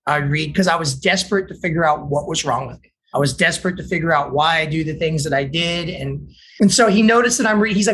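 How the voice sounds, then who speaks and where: A man from Texas, an addiction counselor, telling his recovery story in an animated way, acting out other people's lines with lots of "like" and restarts. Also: a little high, fast. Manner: fillers like "like" and repeated restarts.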